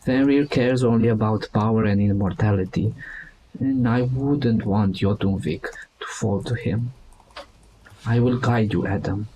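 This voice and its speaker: A man voicing the loyal spirit of a giant's hound, now a celestial being, speaking slowly and mournfully in a tabletop game. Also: fairly low pitch, warm tone, husky, rough recording. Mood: solemn. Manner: slow, solemn, mournful.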